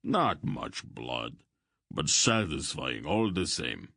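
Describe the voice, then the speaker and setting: A man doing a deep, rumbling warrior. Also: very animated, slow, creaky, pushed and bright, no echo, clean studio sound, full character voice. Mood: hearty. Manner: hearty, booming, relishes a fight.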